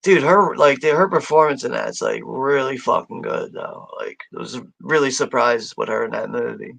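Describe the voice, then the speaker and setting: A man's voice: medium pitch, moderate pace, gravelly, a bit bright, low-quality recording. A man co-hosting a movie watch party, making crude jokes and laughing often. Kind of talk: casual chat.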